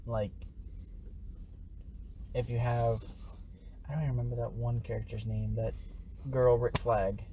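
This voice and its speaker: A man's voice: medium pitch, level tone, a little slow, pauses often, dark tone, a little hiss or hum. A young man co-hosting a podcast, rambling casually and laughing often. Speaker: podcast co-host. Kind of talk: casual chat.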